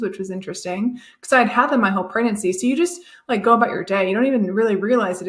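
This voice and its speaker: A young woman, chatting in a relaxed way about a personal story, often laughing. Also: mid-range voice. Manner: chatty, laughs often, acts out quoted voices. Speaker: guest, new mom. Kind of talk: casual storytelling.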